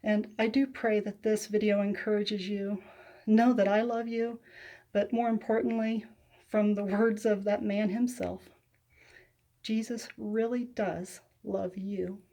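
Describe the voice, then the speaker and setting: A woman telling viewers a personal faith testimony, soft-spoken and emotional, pausing often with hesitant fillers. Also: medium pitch, flat delivery. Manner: emotional, close to tears. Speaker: faith vlogger.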